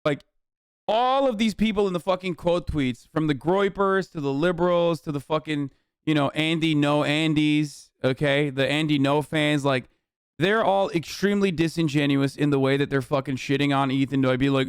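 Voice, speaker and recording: Streamer, 30s man, high clear voice, exasperated and sarcastic, swears a lot. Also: moderate pace, dry recording, studio quality. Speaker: streamer reacting to clips and chat. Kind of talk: heated livestream rant.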